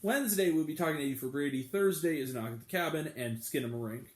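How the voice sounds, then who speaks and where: A man's voice: a little high, fast talker, echoey room. A man hosting a movie review video, chatty and enthusiastic, with bursts of swearing. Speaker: movie review channel host. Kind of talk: casual talk-to-camera review vlog.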